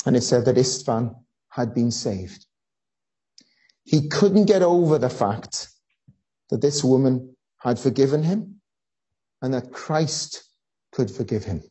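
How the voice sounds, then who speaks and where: A preacher giving a sermon, telling a story earnestly with frequent pauses and fillers. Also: medium pitch, expressive, warm tone, slightly rough, rough recording.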